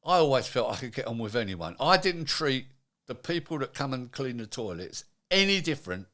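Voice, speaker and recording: An older man, a retired manufacturing executive, is a guest in a casual interview. His mid-range voice is very animated, fairly quick, and a bit bright. He chats freely and acts out what people said to him.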